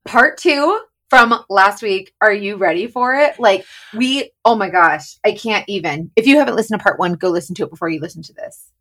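A woman co-hosting a podcast in bubbly casual chat, often laughing between quick asides. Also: mid-range voice, fairly bright tone. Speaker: podcast co-host.

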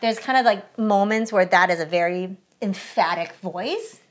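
A woman's voice: mid-range voice, moderate pace. A young adult woman co-hosting a podcast, chatting casually and with energy while reviewing a movie, with lots of "like" fillers. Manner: chatty, animated, frequent "like" fillers. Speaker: podcast co-host.

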